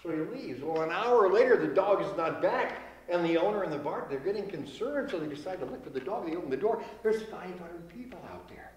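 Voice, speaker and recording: Older man telling jokes in an echoey room. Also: high voice. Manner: relaxed storytelling, acting out characters in quick quotes. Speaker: joke teller. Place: room with a small group of friends. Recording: echoey reverberant room, light noise.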